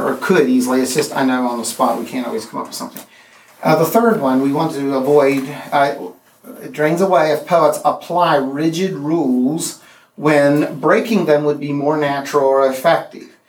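A man teaching a poetry class, speaking haltingly with restarts and counting out the beats of meters. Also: mid-range voice, fairly even intonation, slight background noise. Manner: halting, many restarts and fillers, counts out rhythms. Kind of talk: classroom lecture. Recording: echoey room from far off.

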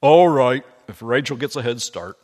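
A man's voice: mid-range voice, lively intonation, normal speed, a little mellow, lightly acted. A man voicing a kindly older Quaker miller who talks in a folksy, considered way, in a room with a long echo. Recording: echoey room with long reverb.

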